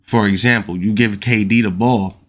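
On his own podcast, a man with a fairly low pitch keeps a steady tone and normal speed. His talk is slangy and loose, circling back over the same points as he heats up, with "you know what I'm saying" tossed in again and again.

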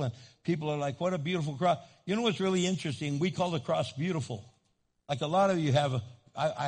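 A man's voice: on the high side, breathy edge. A man preaching a sermon as pastor, telling stories in a conversational way and building to fervent emphasis.

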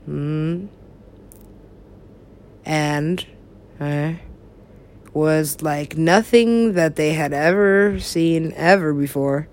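A woman rambles in a loose, unhurried way, her voice sitting fairly low. She giggles often, swears freely and lets sentences trail away into mumbled half-words. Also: darkish tone. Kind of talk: rambling casual talk.

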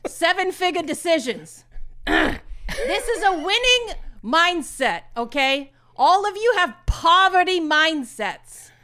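A woman's voice: very high-pitched, big pitch swings, slow pace, sharp tone, heavily acted. A woman doing a comic impression of a rambling, self-promoting male poker show host who keeps repeating himself. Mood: rambling bluster. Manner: rambling, repetitive, mock sponsor plugs. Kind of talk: comedic impression sketch.

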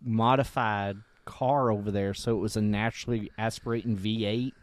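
A man co-hosting a casual podcast chat, speaking in a calm, even-tempered, practical way. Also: on the low side, normal speed, no room sound. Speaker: podcast co-host.

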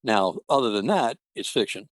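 A man's voice: fairly low pitch, lively intonation, moderate pace, dry recording. A man being interviewed as a guest author, talking earnestly and candidly and often repeating himself. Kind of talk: interview answers.

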